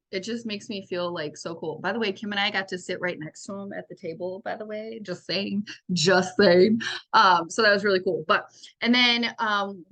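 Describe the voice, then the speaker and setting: A woman's voice: mid-range voice, pushed and bright. A woman team leader giving a chatty recap to her team, full of fillers, acting out what others said. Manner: chatty, lots of fillers, acts out quotes. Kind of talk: casual recap talk to team.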